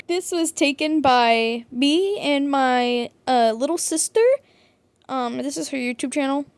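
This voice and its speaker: Brief: young female vlogger, earnest and heated, slightly high voice, faint music under her. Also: no echo. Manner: earnest, heated then softening. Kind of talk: emotional personal vlog.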